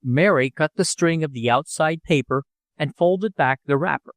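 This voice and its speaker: A man narrating an audiobook with expressive storytelling. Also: fairly high pitch, moderate pace, no room sound. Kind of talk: scripted narration.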